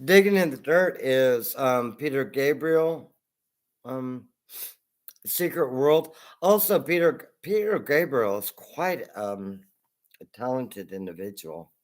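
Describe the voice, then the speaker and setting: Man, casual livestream chat, rambling, laughs a lot, mid-pitched voice. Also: lively intonation, slow. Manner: rambling, laughs often, reads chat aloud. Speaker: livestream host. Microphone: headset.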